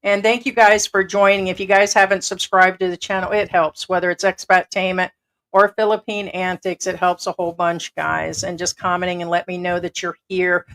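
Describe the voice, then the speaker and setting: A woman's voice: fairly low pitch, level tone, normal speed, fairly bright tone. A middle-aged American woman hosting a casual livestream from home, rambling and blunt with casual swearing. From United States. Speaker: livestream host.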